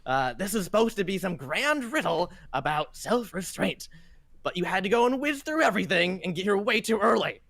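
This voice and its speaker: A man voicing a grumpy, put-upon old male janitor in a tabletop game, with a high, whiny, complaining voice. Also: sing-song, moderate pace, creaky, a bit bright, no room sound, heavily acted. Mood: grumbling.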